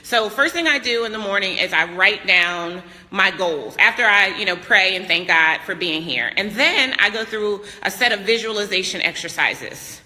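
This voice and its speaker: A woman's voice: medium pitch, lively intonation, normal speed, few pauses, bright, forceful tone. Woman coach, emphatic live-stream talk, phone mic, long echoing reverb. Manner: emphatic, greets viewers by name. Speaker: business coach. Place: vacation house, moving indoors and out. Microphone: phone held at arm's length.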